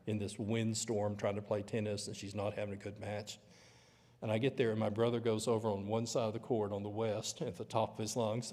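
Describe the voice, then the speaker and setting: Low-voiced man teaching a church lesson. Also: darkish tone, in a large hall. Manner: conversational, storytelling teacher. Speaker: Bible class teacher. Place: church auditorium.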